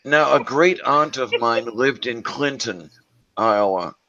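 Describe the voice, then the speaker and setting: A man's voice: medium pitch, takes it slowly, pushed and bright, no room sound, lo-fi sound. A man in a casual group voice chat, dropping dry, teasing remarks.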